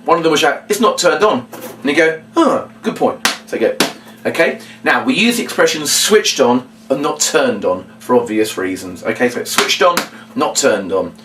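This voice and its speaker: A man explaining a children's party routine and acting out what he says to the kids, with big bursts of shouting. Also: mid-range voice, normal speed, noisy background. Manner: animated, acts out lines to children with big shouts. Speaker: children's entertainer teaching a routine. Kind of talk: instructional talk with acted demonstrations. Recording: voice from a distance off the mic.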